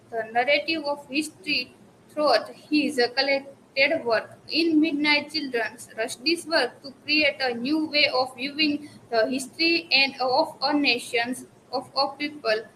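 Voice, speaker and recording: A young woman with an Indian English accent gives a classroom presentation, stopping and restarting her words. Her voice sits high and sounds bright. Faint background noise runs under the recording. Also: rough recording. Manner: hesitant, frequent restarts and fillers. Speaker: student presenter.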